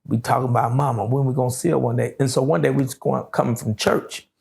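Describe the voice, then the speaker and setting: Gravelly middle-aged man with a drawl. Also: medium pitch, steady tone, darkish tone. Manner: slow, drawling storytelling with many fillers. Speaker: interview guest. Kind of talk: casual storytelling interview.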